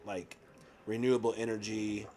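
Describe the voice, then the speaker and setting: A man co-hosting a casual podcast chat, relaxed, reading out facts he looked up. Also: fairly low pitch, moderate pace, slight background noise. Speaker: podcast co-host.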